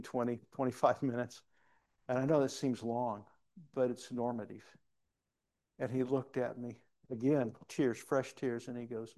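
A man's voice: mid-range voice, dark tone. A male pastor preaching a sermon in a church, telling a story earnestly with frequent restarts.

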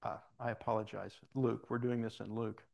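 A man's voice: lowish voice, flat delivery, moderate pace, vocal fry, highs cut off. A man preaching in a church, talking in a folksy, conversational way and telling personal stories. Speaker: pastor. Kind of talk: sermon. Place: church sanctuary.

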